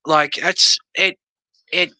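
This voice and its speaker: A man, a sauce maker guest in a casual interview, speaking haltingly with many restarts. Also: fairly high pitch, steady tone, bright, forceful tone, no room sound.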